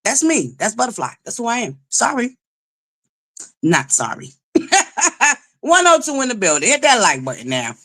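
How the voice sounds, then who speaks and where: A loud, belligerent woman hosting a live chat stream. Her voice is bright and forceful. She curses constantly, greets viewers by name and keeps demanding likes. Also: fairly high pitch, very animated, fast talker, hardly any pauses. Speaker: livestream host. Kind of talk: profane live-chat commentary.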